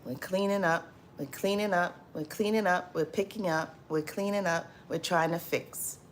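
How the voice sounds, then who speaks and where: A woman hosting a casual livestream, greeting viewers by name and reading their comments aloud, laughing loudly and often and repeating her phrases. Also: lowish voice, moderate pace, slight background noise. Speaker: livestream host.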